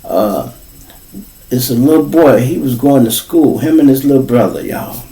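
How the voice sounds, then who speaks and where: Heard far from the mic in a low-quality recording, a man with a mid-range voice talks at normal speed. He's a podcast host with a Chicago accent, animatedly narrating a story in a loose, profane style and imitating the people he quotes.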